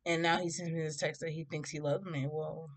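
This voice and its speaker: A woman in her thirties from Detroit telling a personal story in a casual, animated way, often laughing and acting out both sides of the conversations. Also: deep voice, fairly quick. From Detroit, USA. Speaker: storytime vlogger.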